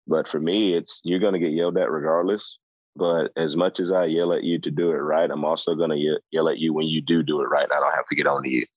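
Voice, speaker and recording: A football coach talking shop in a loose, emphatic way, circling back and repeating himself as he goes. His voice sits very low. The sound is dry and a little muffled, as if recorded with a plain mic in a dead room. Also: level tone, fast talker, no echo. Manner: emphatic, repetitive restarts. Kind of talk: casual chat.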